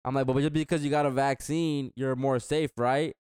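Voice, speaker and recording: A man's voice: mid-range voice, fairly even intonation, moderate pace, a little mellow, clear, resonant tone, no room sound, studio quality. A young man in casual chat, rambling through a story and acting out what others said in a slangy way. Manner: rambling, slangy, acts out quotes.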